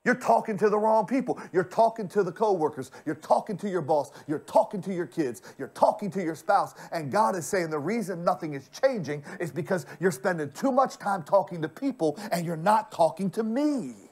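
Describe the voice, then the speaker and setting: A male pastor preaching a sermon, turning often to speak straight at the congregation and swinging from loud, stretched-out lines to hushed ones. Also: high voice, lively intonation, moderate pace, hardly any pauses. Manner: addresses the congregation directly.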